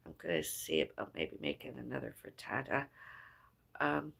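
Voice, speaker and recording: A woman's voice: extremely low pitch, big pitch swings, moderate pace, vocal fry, fairly bright tone. A woman chatting casually on a livestream. She rambles and muses aloud, trails off mid-thought, and sighs between ideas.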